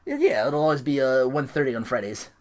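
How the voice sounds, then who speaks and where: A man hosting a casual wrestling chat show, animated and laughing often as he acts out quotes. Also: mid-range voice, fairly quick. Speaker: podcast host.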